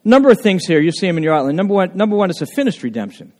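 A man preaching a sermon, often asking the congregation questions and slowing down to stress key words. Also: sits high, big pitch swings, darkish tone, long reverb tail. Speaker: pastor.

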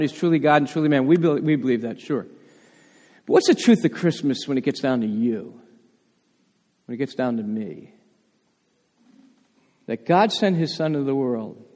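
A high-pitched male pastor preaches with animated energy, acting out the voices in the passages he quotes. His voice rings through a church sanctuary with a long, hanging reverb. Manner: animated, acts out quoted voices with rising intensity. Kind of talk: sermon.

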